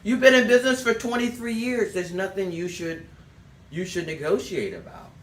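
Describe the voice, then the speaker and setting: In this sales coaching talk, a male sales trainer tells his class exactly what to do and has them write things down. His voice sits high and sounds a bit bright and expressive, at a moderate pace. The room echoes and the mic is distant.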